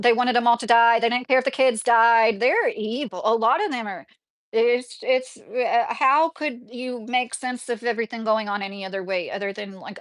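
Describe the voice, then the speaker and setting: A woman with a Kentucky accent chatting casually on a livestream, reading viewers' messages and answering in a loose, filler-heavy way. Her voice sits a little high and is recorded close and dry, with no room sound. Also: no room sound. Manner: chatty, sympathetic, many "like" fillers. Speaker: livestream host reading chat.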